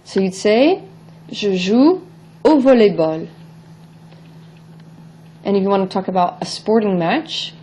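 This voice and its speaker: A woman's voice: mid-range voice, dark tone, slight background noise. A woman teaching French in English, explaining grammar step by step and modelling French words before glossing them. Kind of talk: recorded vocabulary lesson.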